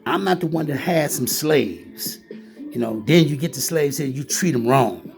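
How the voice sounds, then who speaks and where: A man's voice: fairly high pitch, animated, moderate pace, vocal fry, faint music behind. A man delivering a heated, repetitive ranting monologue, talking straight at the listener and often calling him "man". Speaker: vlogger.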